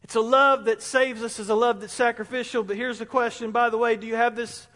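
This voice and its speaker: Male pastor, very high voice, excitable and repetitive preaching, big church reverb. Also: brisk. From South Carolina. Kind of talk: sermon. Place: church sanctuary. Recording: long reverb in a large hall.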